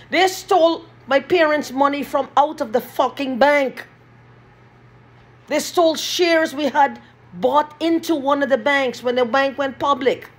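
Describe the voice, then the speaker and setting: A woman's voice: high voice, unhurried. A woman in an agitated, repetitive vlog rant, swearing often, recorded in a small basement room. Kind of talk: ranting vlog monologue.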